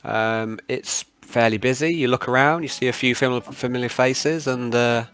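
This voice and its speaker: A man's voice: medium pitch, fairly even intonation, moderate pace, a bit bright, smooth, soft background music. A man narrating as game master of a tabletop game, hesitant with many fillers.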